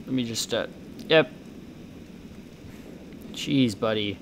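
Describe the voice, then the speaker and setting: A young man talks his way through a cooking game in slow, drawn-out bursts, swearing freely and muttering half-finished asides to himself. His voice sits at an ordinary middle pitch, with a faint hiss of noise underneath. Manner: chaotic and sweary, muttering asides with sudden loud outbursts. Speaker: gameplay commentator. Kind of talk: casual gameplay commentary.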